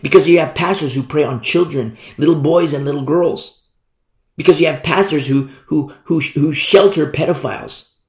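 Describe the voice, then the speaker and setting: A man's voice: on the high side, normal speed, darkish tone, echoey room. A male pastor preaching a fiery sermon and acting out scenes from scripture.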